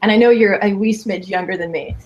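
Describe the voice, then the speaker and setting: A woman in her fifties, a coach talking as a guest in a casual interview, lively and emphatic. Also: medium pitch, brisk, lo-fi sound. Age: 50s. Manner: lively, emphatic, quotes people in playful voices.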